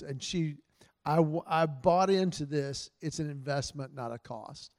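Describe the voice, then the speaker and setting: Earnest man telling marriage stories to husbands, slightly higher voice, close dry sound with a long hall tail. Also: measured pace, a little mellow. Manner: earnest, storytelling, quotes his wife in his own voice. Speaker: speaker giving marriage advice to husbands. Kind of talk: casual talk to an audience.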